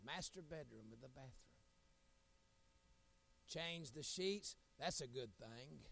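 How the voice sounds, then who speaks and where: A middle-aged man, an evangelist preaching a sermon, telling folksy stories and building to loud, shouted appeals. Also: sits high.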